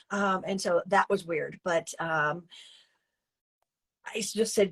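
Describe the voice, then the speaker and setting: A woman guest telling a personal story in an interview, chatty and animated, with fillers and restarts. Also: fairly low pitch, takes it slowly, pauses often, husky. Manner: chatty and animated, many fillers and restarts, acting out her own past lines.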